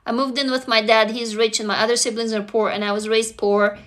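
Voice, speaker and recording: A woman speaks in a high, bright, forceful voice. She hosts a livestream and talks in a raw, intense way, swearing freely and circling back to the same phrases again and again. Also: flat delivery, fairly quick. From Russia. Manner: raw, intense, profane, repetitive. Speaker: livestream host. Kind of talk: emotional livestream monologue.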